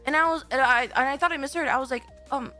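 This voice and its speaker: A young woman streamer telling a rambling, animated story on stream, swearing casually and stopping to act out what people said. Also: high voice, very fast, soft background music. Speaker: VTuber streamer.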